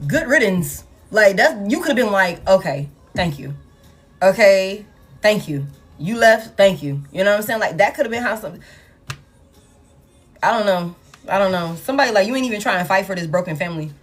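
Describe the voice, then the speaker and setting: A woman's voice: medium pitch, animated, fast, fairly bright tone, soft background music. Blunt, laughing tarot reader woman. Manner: blunt, laughing, profane, talks to viewers as y'all. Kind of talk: casual collective tarot reading.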